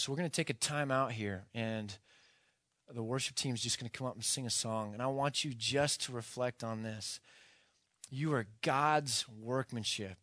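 A man's voice: mid-range voice, a bit bright, no echo, studio quality. A middle-aged man preaching a conversational sermon, mixing joking asides and fillers with emphatic storytelling. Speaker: pastor.

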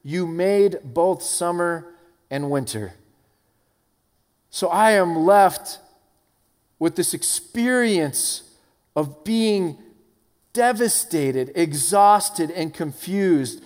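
A man delivering a sermon in an earnest, fervent way, his voice sitting a bit higher than most men's. His words ring out with a long reverb trail, as if spoken in a large hall. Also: expressive, slow pace. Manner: earnest, building from hushed to fervent. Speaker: preacher.

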